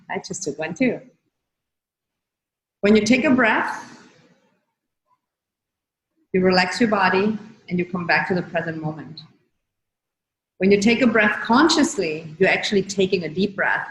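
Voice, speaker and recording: A woman host giving a casual coaching talk to her viewers, gently repeating key phrases and guiding them through slow breathing. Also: lowish voice. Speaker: wellness coach and show host. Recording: roomy echo.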